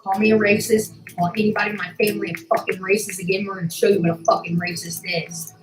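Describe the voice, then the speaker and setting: A woman's voice: mid-range voice, little pitch movement, fast, reverberant, music in the background, poor audio. A woman ranting furiously to her channel, swearing and making threats, near tears with anger. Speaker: YouTuber. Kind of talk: angry rant to camera.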